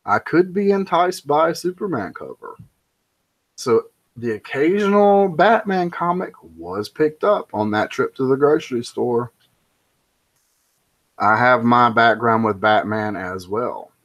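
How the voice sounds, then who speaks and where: A man's voice: mid-range voice, expressive, unhurried, dull audio. A man giving an opinionated, rambling monologue, emphatic and prone to ranting. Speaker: pop culture commentator.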